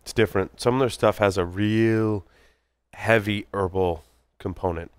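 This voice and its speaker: A man's voice: on the low side, steady tone, moderate pace, clean tone, no echo. A man co-hosting a casual chat, talkative and self-deprecating, tripping over hard names. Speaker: podcast co-host.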